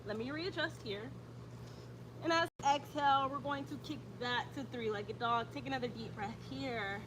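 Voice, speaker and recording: A woman guiding a yoga stretch routine with steady breathing cues and casual asides. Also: high-pitched, moderate pace, noisy background. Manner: calm breath cues, chatty when reading comments. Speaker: yoga instructor. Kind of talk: guided yoga instruction.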